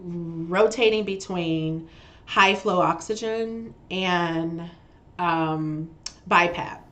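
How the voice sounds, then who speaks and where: A woman's voice: lowish voice, drawn-out words, fairly bright tone. A woman telling a personal story as a podcast guest, laughing often and stumbling over repeated words. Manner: frequent laughter while talking; reflective, emotional storytelling. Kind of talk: conversational interview.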